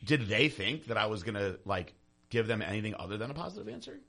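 A man's voice: fairly low pitch, very animated, gravelly, pushed and bright. A man co-hosting a podcast in casual chat, telling stories with dry, sarcastic jokes. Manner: fast, joking, sarcastic storyteller. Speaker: podcast co-host.

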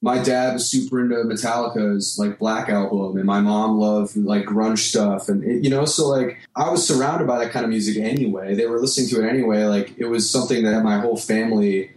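A man's voice: on the low side, fairly quick, hardly any pauses, darkish tone. A man from Michigan, a guest musician, chatting casually and rambling with a self-deprecating streak. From Michigan, United States. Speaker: guest musician, singer and guitarist. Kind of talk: casual podcast conversation. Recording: roomy echo.

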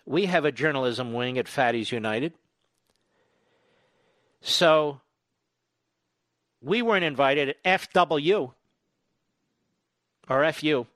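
A male talk radio host delivering a combative, sarcastic political monologue full of rapid-fire rhetorical questions. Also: fairly high pitch, a bit bright, no echo, studio quality.

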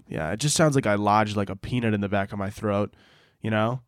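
A man's voice: on the low side, fairly quick, clean tone, dry recording. A man hosting a solo podcast, talking casually in a rambling, profane, joking way into a close mic. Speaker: podcast host.

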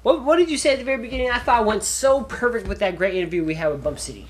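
A man's voice: very high voice, very fast. A man co-hosting a casual boxing podcast, chatting and plugging the show at the sign-off. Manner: animated, promotional sign-off delivery. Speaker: podcast co-host.

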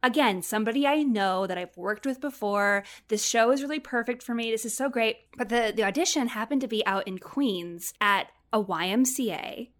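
Brief: young woman, slightly high voice, lively casual storyteller who quotes people in her stories. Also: moderate pace, few pauses. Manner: animated, acts out quoted dialogue.

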